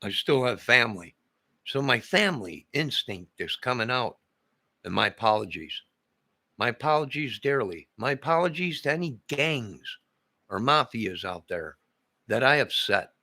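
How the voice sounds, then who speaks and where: An older man rants into his own camera in a rambling, agitated monologue, circling back to the same points again and again. His voice is gravelly and bright, and it sounds dry and close. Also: mid-range voice, very animated, moderate pace, no room sound. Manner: agitated, repetitive, ranting. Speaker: vlogger.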